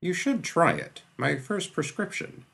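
Man playing a smug wordy doctor, drawls, gravelly husky voice. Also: on the high side, wildly swooping pitch, a little slow, a bit bright, voice pushed up, full character voice. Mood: dry, unruffled. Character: dry, pompous middle-aged male physician.

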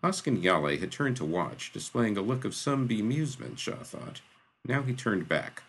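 A man narrating a fantasy story in a measured, dramatic reading. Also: fairly low pitch, very animated, slightly rough, low-quality recording. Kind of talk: audiobook narration.

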